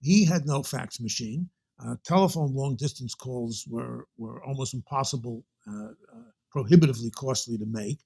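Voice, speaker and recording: A man's voice: medium pitch, animated, moderate pace, gravelly, darkish tone, breathy edge. An older man with a Brooklyn accent, a guest telling long anecdotes in an interview, full of restarts and asides. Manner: rambling anecdotal storyteller with many restarts. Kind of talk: storytelling interview.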